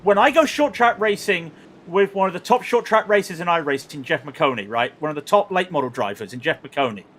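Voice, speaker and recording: Male race commentator, high and lively, excitable and ranting. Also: a little fast, slight background noise. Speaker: sim racing commentator.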